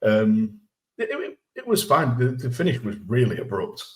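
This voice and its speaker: A man guesting on a casual podcast, giving dry, measured opinions. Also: mid-range voice, wildly swooping pitch.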